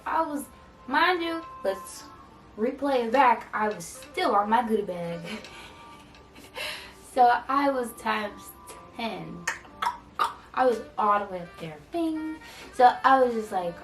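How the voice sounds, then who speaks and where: Animated young woman telling a story. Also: a little high, a little slow. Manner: animated, dramatic retelling with quoted dialogue. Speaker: vlogger. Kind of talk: storytime vlog. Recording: roomy echo from a distant mic with faint music.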